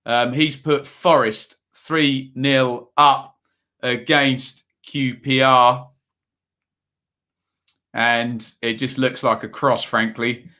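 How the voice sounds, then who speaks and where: Extremely slow and level in tone, this man's mid-range voice still comes across bright and forceful. He hosts a casual football livestream from Ipswich, England, rambling with many ums while calling scores and reading the chat aloud.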